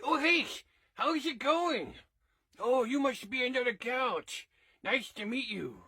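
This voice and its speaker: A man playing a friendly alternate-universe version of himself in a comedy sketch, with a high, sing-song delivery. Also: expressive, slow, sharp tone, husky, no echo, clean studio sound, exaggerated voice. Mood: cheerful.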